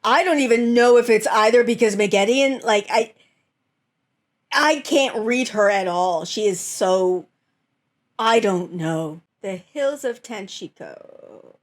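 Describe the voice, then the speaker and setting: A woman hosts a casual meme reaction, her voice sitting a touch high. She talks animatedly, giggling often as she goes. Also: measured pace. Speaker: host reviewing fan memes.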